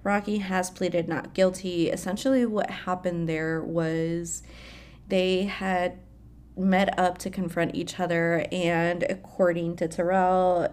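A woman's voice: on the low side, level tone, takes it slowly, darkish tone, clear, resonant tone. A young woman hosting a casual pop culture chat, swearing freely and laughing often. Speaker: pop culture podcast host. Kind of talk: casual celebrity news chat.

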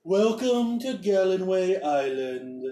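A man's voice: high voice, sing-song, slow, warm tone, pitched above the performer's own voice, full character voice. A man putting on a pompous little governor. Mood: boastful. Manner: pompous, self-praising. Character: boastful short male island governor. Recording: roomy echo, off-mic.

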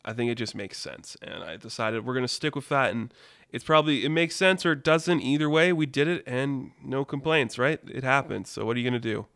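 A man hosting a casual storytelling podcast, animated and laughing often, with lots of "like". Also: mid-range voice, brisk, vocal fry, no echo, studio quality. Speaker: storyteller host.

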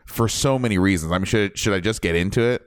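Smooth-voiced man ranting about a film. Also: on the low side, quick pace, no room sound, studio quality. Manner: animated, opinionated, jumps between points. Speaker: podcast host reviewing a film. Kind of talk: casual spoiler review chat.

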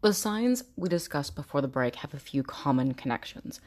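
A woman's voice: sits low, lively intonation, normal speed, background noise. A woman hosting an informative podcast, talking earnestly and directly to listeners, now and then mimicking other people in mocking voices. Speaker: podcast host.

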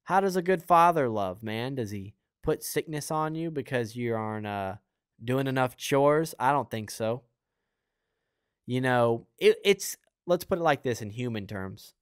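A man's voice: medium pitch, animated, unhurried, clean tone, dry recording, clean studio sound. A young man with the hiccups, hosting his own show and giving a casual, earnest Christian teaching full of fillers and asides. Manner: earnest, conversational, rambling with fillers. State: has the hiccups. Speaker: podcast host and preacher.

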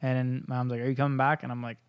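A man's voice: medium pitch, little pitch movement, quick pace, clear, resonant tone, no echo, dull audio. A young man co-hosting a podcast, telling a story in casual chat, laid-back, swearing often and acting out quoted lines. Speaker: podcast co-host.

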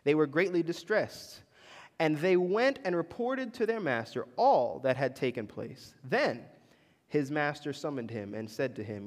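Male pastor, fairly high voice with a swinging pitch, chatty sermon in a big reverberant hall. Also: lively intonation, measured pace. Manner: conversational preaching with questions to the congregation. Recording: long reverb in a large hall.

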